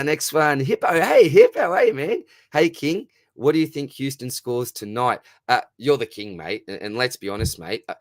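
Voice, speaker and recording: A young Australian man chats casually on a live stream, upbeat and matey as he takes question after question. His voice sits on the low side and sounds a little worn, as if it is going. The sound is close and dry. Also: a bit bright, no echo. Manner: matey, upbeat, answers viewer questions one by one. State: losing his voice.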